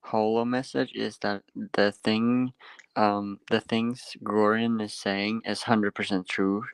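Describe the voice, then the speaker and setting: A man joining a casual online discussion as a panelist, talking in a relaxed, chatty way over a video call. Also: on the low side, slow, clean tone, no room sound. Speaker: guest panelist.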